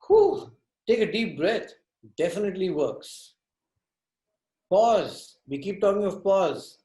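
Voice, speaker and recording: A man leading an interactive workshop on conflict, talking in a direct, animated and teasing way. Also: fairly high pitch, echoey room, poor audio. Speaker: workshop trainer.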